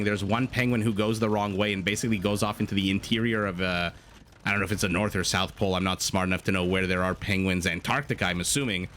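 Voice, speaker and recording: A man casting a strategy game match as a tournament co-host, excitable and prone to rambling tangents. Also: on the low side, a little hiss or hum. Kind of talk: esports match commentary.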